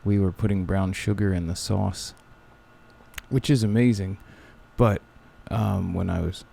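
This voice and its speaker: A man's voice: sits low, steady tone, unhurried, gravelly, warm tone, slightly rough. A man co-hosting a podcast, chatting casually and rambling with lots of fillers and restarts. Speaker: podcast co-host. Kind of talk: casual chat.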